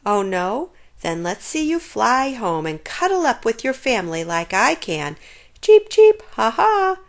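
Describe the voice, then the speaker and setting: A woman's voice: medium pitch, sing-song, unhurried, fairly bright tone. A woman voicing a chirpy, teasing little bird in a children's storybook, cheeping and laughing. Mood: mocking.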